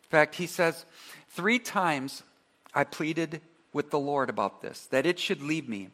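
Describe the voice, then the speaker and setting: A man preaching a sermon, earnest and emphatic, who leads his congregation in call-and-response and drops to a soft voice on key phrases. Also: fairly high pitch, measured pace. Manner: earnest preaching, rising to emphatic repetition then dropping soft. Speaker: pastor.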